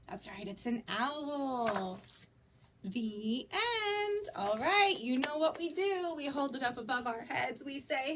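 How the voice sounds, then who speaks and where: A young woman reads a picture book to toddlers in a high, lilting voice that swoops up and down, unhurried and coaxing. A faint hum of room noise sits under her voice. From United States. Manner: sing-song, animated, coaxing children to join in. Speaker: children's librarian. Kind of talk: toddler story time reading aloud.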